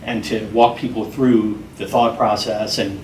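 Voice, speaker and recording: A man being interviewed, speaking in an earnest, measured and heartfelt way. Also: lowish voice, steady tone, darkish tone, distant mic, slight background noise. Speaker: interview guest. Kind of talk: earnest, reflective interview talk. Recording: roomy sound from off-mic, faint music behind.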